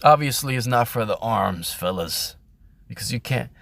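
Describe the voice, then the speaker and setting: A man talks at a middling pitch in a loose, rambling way, swearing freely and breaking into laughter. His voice sits dry and close, with no echo around it. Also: animated, normal speed, creaky, a bit bright. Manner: rambling, profane, laughs often. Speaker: host. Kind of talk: casual vlog commentary.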